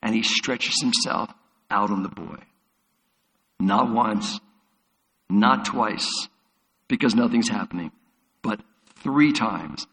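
A man's voice: fairly low pitch, takes it slowly, long pauses, sharp tone. A man preaching a sermon as a pastor, retelling Bible stories vividly. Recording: long hall reverb.

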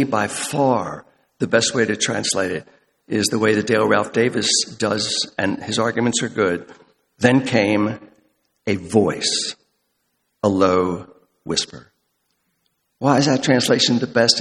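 Male pastor, mid-pitched, measured sermon delivery, slows down on quoted verses, hall reverb. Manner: deliberate, slows for quoted scripture.

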